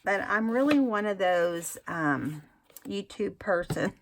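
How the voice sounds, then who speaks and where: A woman's voice: mid-range voice, expressive, slight background noise. A woman hosting a craft tutorial, talking casually and rambling as she demonstrates. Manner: chatty, rambling, self-admittedly unhurried.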